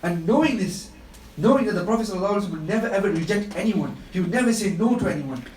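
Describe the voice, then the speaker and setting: High-voiced man giving an impassioned radio talk. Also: animated, racing, a little mellow, reverberant, distant mic, slight background noise, rough recording. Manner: impassioned storytelling with emphatic repetition. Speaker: Islamic speaker on a radio show. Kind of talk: live radio religious talk.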